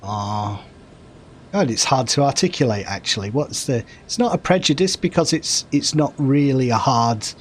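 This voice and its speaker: A man's voice: mid-range voice, normal speed, a little hiss or hum. A man with a Yorkshire-Lancashire accent, rambling and thinking aloud in wry, joking gameplay chat. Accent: Yorkshire-Lancashire northern English. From north of England. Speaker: gaming streamer playing an online game. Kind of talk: casual gameplay commentary and chat.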